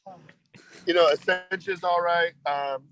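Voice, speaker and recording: A man's voice: sits high, steady tone, normal speed, a bit bright, poor audio. A man from the United States, a touring band member, joking around and swearing freely as a guest in casual podcast chat.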